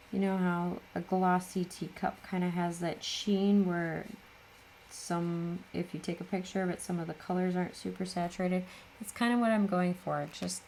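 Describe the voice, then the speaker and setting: A woman's voice: lowish voice, creaky, darkish tone, slight background noise. A middle-aged woman hosting a casual crafting tutorial, chatty and full of self-deprecating asides. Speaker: craft channel host.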